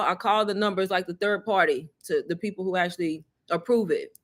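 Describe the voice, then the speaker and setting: A woman's voice: lowish voice, a little fast. Chatty woman telling her story. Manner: chatty, animated, laughs often, addresses viewers as y'all. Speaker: online business creator. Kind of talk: casual storytelling to viewers.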